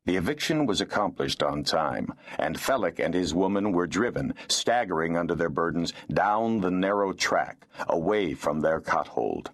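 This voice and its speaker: A male audiobook narrator with a very low, deep voice. His delivery moves lively up and down as he tells the story. It is scripted, expressive narration. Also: normal speed, few pauses.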